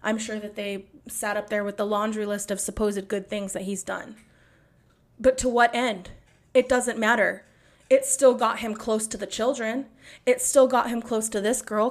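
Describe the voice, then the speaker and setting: A young woman hosting a podcast, delivering an angry, sarcastic and profane monologue. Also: a little high. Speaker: podcast host.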